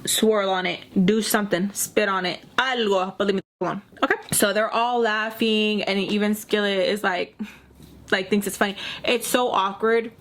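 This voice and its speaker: A young woman tells a casual storytime in a mid-pitched voice, blunt and heated, with plenty of swearing. She slips into other people's lines as she goes, jumping between her own narration and their voices. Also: steady tone, moderate pace. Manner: blunt and profane, heated venting; acts out quoted dialogue in shifting voices. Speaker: storytime vlogger.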